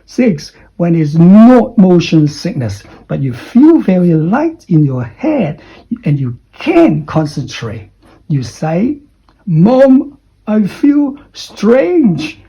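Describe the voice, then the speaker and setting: A man with a husky voice teaches an English lesson, his pitch swinging widely as he spells out words and checks in with "okay?". The sound is dull and lo-fi, like a modest home recording. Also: big pitch swings, slow, mellow. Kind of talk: explaining errors in an online English lesson.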